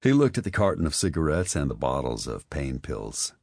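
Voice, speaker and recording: Very deep-voiced male audiobook narrator. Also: big pitch swings, brisk, a little mellow, no echo, clean studio sound. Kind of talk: scripted narration.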